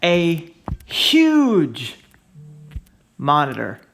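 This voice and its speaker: A man's voice: a little high, sing-song, a little slow, bright, forceful tone, soft background music, full character voice. A man voicing an eager son who begs his dad for a computer and leans hard on each selling word. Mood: eager pleading. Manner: overstated, punchy word stress.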